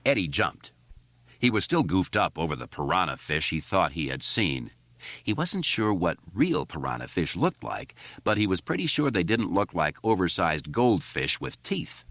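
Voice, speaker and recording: Man, deep voice, lively storytelling narration, dull lo-fi sound. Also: moderate pace, no echo. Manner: expressive, steady reading. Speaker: audiobook narrator. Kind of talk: scripted narration. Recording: dry, dull lo-fi recording.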